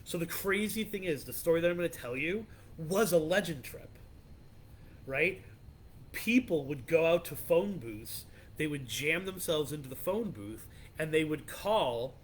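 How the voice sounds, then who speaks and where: A man's voice: fairly high pitch, a little hiss or hum. A man hosting a podcast, casually telling a creepy legend in a loose, rambling way with many restarts. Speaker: podcast host.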